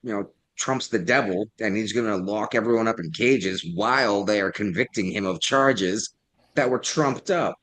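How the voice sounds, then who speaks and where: A man's voice: on the low side, normal speed, a bit bright. A man co-hosting a casual political chat show, talking in a sarcastic, mocking way and often mimicking others. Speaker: podcast co-host.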